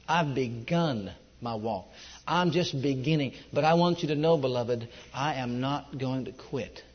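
Preaching a sermon, a middle-aged man with a slightly rough voice passionately tells his own testimony, swinging between loud, high outbursts and low, hushed passages. The recording is dull and echoey, made in a hall.

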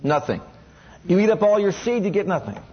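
A man's voice: high-pitched, sing-song, a little fast, highs cut off. A man preaching a sermon who keeps asking the congregation questions and has them repeat lines back to him.

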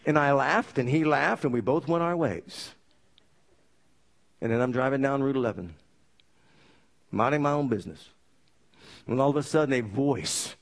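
A man preaching a sermon, telling his story with lively energy and asking the congregation for amens. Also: mid-range voice, normal speed, pauses often. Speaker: pastor.

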